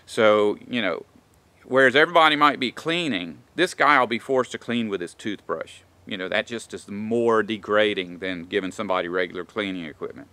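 A man's voice: lowish voice, normal speed, sharp tone, dry recording. A man giving an opinionated vlog monologue, rambling and indignant, with lots of "you know.". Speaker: vlogger.

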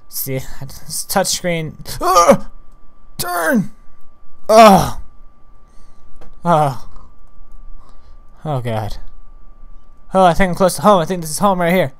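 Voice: medium pitch, lively intonation, measured pace, pauses often. Rambling gamer talking over gameplay, chats to animals, trips over words a lot. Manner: rambling, talks to mobs and animals; chatty, fumbling restarts. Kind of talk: casual game commentary.

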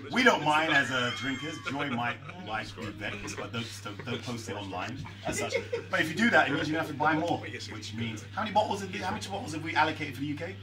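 A man's voice: fairly high pitch, expressive, fast, hardly any pauses. A man hosting a rum tasting in a busy bar, joking, laughing often and bantering with the audience. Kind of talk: jokey live presentation. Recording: noisy bar crowd, mic at a distance.

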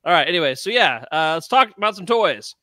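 A man co-hosting a podcast in casual chat, relaxed, laughing often and trailing off mid-sentence. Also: on the high side, a little fast, dry recording. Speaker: podcast co-host.

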